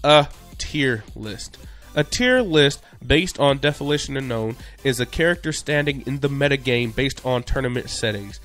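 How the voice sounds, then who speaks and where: A man's voice: mid-range voice, expressive, normal speed, a bit bright, soft background music. A young man narrating a casual video commentary in a playful, conversational way with jokey asides.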